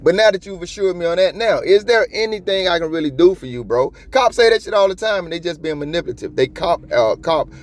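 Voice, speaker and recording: A man giving casual, profane commentary on a police video in streetwise slang, animated and talkative. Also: sits high, quick pace, few pauses. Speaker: copwatch commentator.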